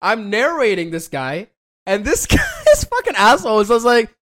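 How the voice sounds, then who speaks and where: A man's voice: high voice, moderate pace. A man co-hosting a casual podcast, telling a travel story with lots of swearing and acted-out quotes. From Canada. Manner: animated, swearing, acts out quotes. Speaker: podcast co-host.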